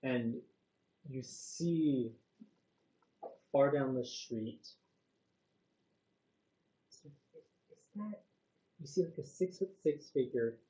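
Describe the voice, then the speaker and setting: A woman's voice: extremely low pitch, expressive, extremely slow, long pauses, mellow. A woman narrating a tabletop game as game master, loose and full of fillers. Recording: dull, echoey room recording.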